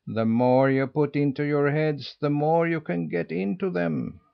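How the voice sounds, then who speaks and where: A man's voice: on the high side, unhurried, creaky, dull audio, pitched above the performer's own voice. A man voicing a stern old female leader goose who answers sharply and curtly. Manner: sharp, curt, unyielding.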